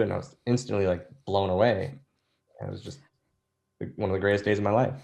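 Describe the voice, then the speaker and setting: Low-voiced man telling rambling anecdotes. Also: fairly even intonation, brisk, vocal fry. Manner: rambling, self-deprecating anecdotes with many restarts. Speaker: interview guest. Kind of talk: casual storytelling interview.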